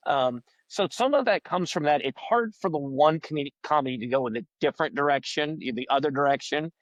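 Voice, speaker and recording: A man's voice: a little high, fairly quick, no room sound, lo-fi sound. A middle-aged man, telling stories in a casual podcast interview and acting out the people he quotes. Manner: rambling, animated storyteller who acts out quoted people in a raised voice. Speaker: guest comedian and balloon artist.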